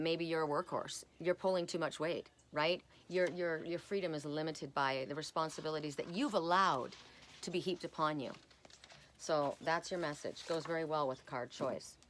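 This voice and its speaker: A woman's voice: low voice, normal speed, fairly bright tone, a little hiss or hum. A woman giving a casual spiritual oracle card reading, chatty and rambling with personal asides, often tagging her points with "right?".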